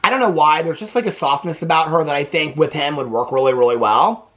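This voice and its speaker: A man spilling reality-TV gossip to the camera in a loose, chatty way. His talk is full of asides and "okay?" tags, and he keeps a lively, animated delivery. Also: on the high side, fast talker. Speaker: TV reaction vlogger.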